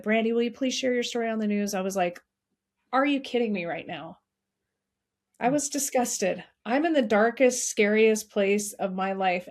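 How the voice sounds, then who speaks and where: A woman's voice: mid-range voice, vocal fry. Earnest middle-aged woman telling a story. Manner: earnest, heartfelt, quick restarts. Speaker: podcast guest, nonprofit founder. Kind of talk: emotional personal storytelling.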